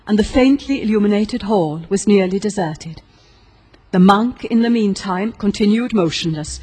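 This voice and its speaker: A woman narrating a gothic story as an audiobook reader, in a steady, expressive storytelling manner. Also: mid-range voice, slightly rough.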